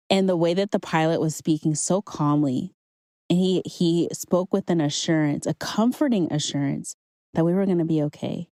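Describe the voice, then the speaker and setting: Her voice on the low side and dark in tone, a podcast host speaks at normal speed with no echo. She tells her personal faith story earnestly and conversationally, encouraging her audience.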